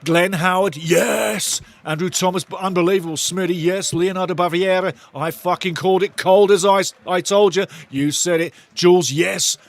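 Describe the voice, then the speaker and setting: Man, live fan commentary, watch-along host, excitable, sweary, slightly high voice. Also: moderate pace, creaky, few pauses. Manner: excitable, loud and sweary, talks to viewers in chat.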